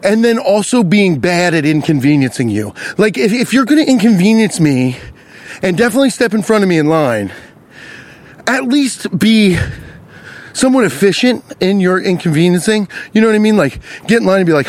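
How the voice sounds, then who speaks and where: A young man on a city street rants into his podcast about a stranger. His voice sits a little high and leaps around with lively swings. He is casual, profane and animated. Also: normal speed, long pauses. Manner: animated, profane, riffs on his own story. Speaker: podcast host. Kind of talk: casual storytelling rant.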